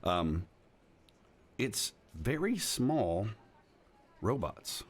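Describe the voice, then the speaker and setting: A man's voice: fairly low pitch, big pitch swings, very slow, slightly rough. A man narrating a tabletop game as game master, rambling and jokey, full of fillers and restarts.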